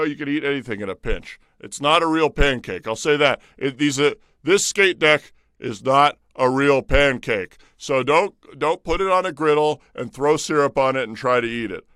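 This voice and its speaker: Bright, jokey young man rambling live. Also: mid-range voice, moderate pace, hardly any pauses, clear, resonant tone, no room sound, studio quality. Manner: rambling, jokey, with many fillers and mock pleading. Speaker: comedic presenter of a brand livestream. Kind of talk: improvised comic livestream patter.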